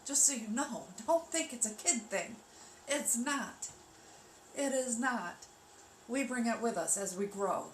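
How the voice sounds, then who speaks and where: A woman hosting a livestream from home, giving a gentle, reassuring guided grounding talk that drops to a hush for breathing counts. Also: fairly high pitch, measured pace. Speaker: wellness livestream host. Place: home room with rain sounds on the TV. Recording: echoey room, mic at a distance, steady background noise.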